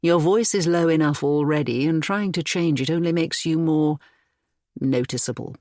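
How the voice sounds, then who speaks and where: Protective young gentleman, as a narrator puts him on, measured, mid-pitched, audiobook romance. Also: no echo, clean studio sound, lightly acted. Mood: earnest. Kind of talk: audiobook character voice.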